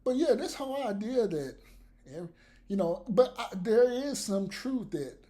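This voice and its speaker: Profane, lively-voiced man ranting. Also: very high voice, unhurried. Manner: blunt, profane, laughs between points. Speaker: vlogger. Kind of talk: profane ranting commentary to camera.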